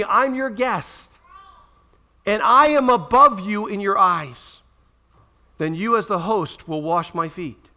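Male pastor, sermon, high bright tone, animated storyteller. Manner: animated storytelling, acts out quoted voices; checks in with listeners.

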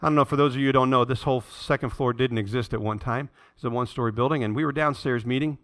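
A male pastor with a mid-range, fairly bright voice preaches a sermon, talking fast. He reads scripture aloud, mixes in conversational asides and stories, and builds to emphatic peaks.

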